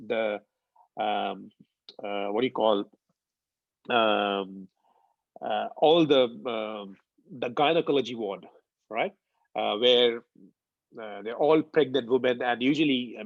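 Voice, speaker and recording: An Indian devotional speaker in his 40s tells a personal testimony story in a gravelly, mid-range voice. His retelling is animated and packed with "uh" and "um," and the recording is dull, lo-fi, and dry.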